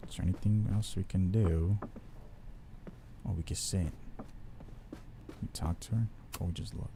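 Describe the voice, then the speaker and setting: Laid-back man with a low mellow voice. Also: steady tone, unhurried, vocal fry, a little hiss or hum. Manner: slangy, loose, reacting aloud. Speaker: gaming streamer. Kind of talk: casual gameplay commentary.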